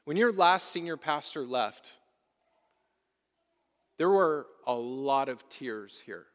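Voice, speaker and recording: A pastor with a medium-pitched, slightly bright voice preaches a sermon to his congregation, repeating lines and posing rhetorical questions. He's in a church sanctuary, and the recording carries the long reverb of a church hall.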